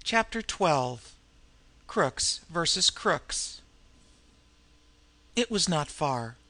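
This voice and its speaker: A man narrating a novel in a measured, even storytelling manner. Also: fairly high pitch, no echo. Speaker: audiobook narrator. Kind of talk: scripted narration.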